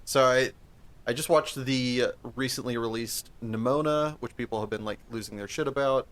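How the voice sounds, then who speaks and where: A man's voice: mid-range voice, moderate pace, a bit bright. Rambling, cursing man in casual chat. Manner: rambling, profane, restarts often. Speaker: podcast co-host.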